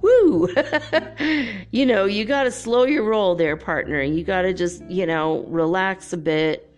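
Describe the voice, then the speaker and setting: A woman giving casual relationship advice in a chatty, rambling monologue, laughing often and filling pauses with "you know". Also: on the low side, clear, resonant tone, faint music behind.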